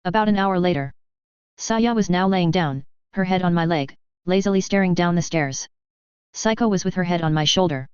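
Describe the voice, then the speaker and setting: A woman narrating a first-person fan fiction story in a steady, even reading. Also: fairly low pitch, moderate pace, clear, resonant tone, dry recording. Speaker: story reader. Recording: dull lo-fi audio.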